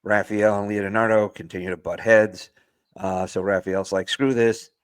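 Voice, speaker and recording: A man's voice: deep voice, flat delivery, clean tone. A man co-hosting a podcast, casually recapping a movie plot with lots of filler words. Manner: rambling plot recap with filler words and quick put-on quotes. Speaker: podcast co-host. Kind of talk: casual movie review chat.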